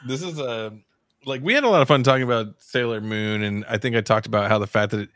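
A man's voice: fast talker, no echo. A man co-hosting a podcast, chatting casually and rambling with many restarts. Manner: rambling, restarts, goes high when excited. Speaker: podcast co-host. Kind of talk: casual chat.

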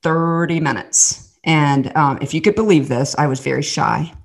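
Southern woman with a deep voice, earnest storyteller acting out quotes, casual faith chat. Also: fairly even intonation, moderate pace. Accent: Southern American. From American South. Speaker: podcast host and guest storyteller.

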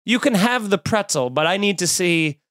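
A woman's voice: mid-range voice, lively intonation, normal speed, fairly bright tone, lightly acted. A man putting on the voice of a curt waitress who scolds a customer like a child. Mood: scolding. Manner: stern, lecturing. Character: curt scolding waitress, middle-aged woman.

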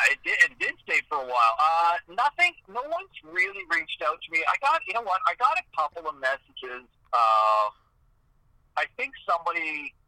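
A man's voice: medium pitch, bright, forceful tone, no room sound, poor audio. A man from Eastern Ontario, a guest on a podcast interview, telling stories in a chatty way full of "like" and "you know.". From Eastern Ontario, Canada. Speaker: guest, hockey video game commentator.

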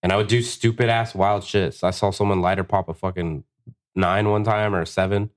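Man, deep low voice, tattoo artist guest, casual storytelling, heavy swearing, acts out dialogue. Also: brisk. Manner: profane, animated, acts out quotes.

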